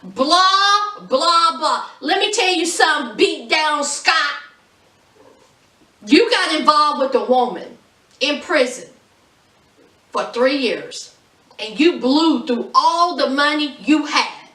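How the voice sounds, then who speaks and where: Sassy high-voiced woman roasting reality TV. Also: takes it slowly, long pauses, reverberant, far from the mic. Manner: sassy, animated, mocking. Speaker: reality TV reviewer. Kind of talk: casual recap commentary.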